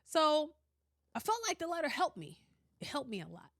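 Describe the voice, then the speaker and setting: A woman hosting a podcast in casual chat, animated and blunt, swearing freely and often breaking into laughter. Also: high voice, moderate pace, dry recording, studio quality. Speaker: podcast host.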